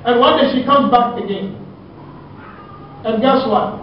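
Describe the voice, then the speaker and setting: A man preaching, telling a personal story in a conversational, animated way and stretching out words for emphasis. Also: very high voice, measured pace, pauses often, recorded from a distance, a little hiss or hum. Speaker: Islamic preacher. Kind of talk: storytelling sermon. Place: lecture hall. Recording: echoey, muffled hall recording from afar.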